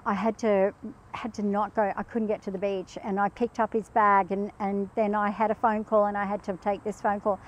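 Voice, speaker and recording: A woman chatting as a pet behaviour guest, telling animated anecdotes and acting out the quotes in them. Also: medium pitch, slight background noise, rough recording. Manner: animated storyteller who acts out quotes. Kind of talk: casual chat with anecdotes.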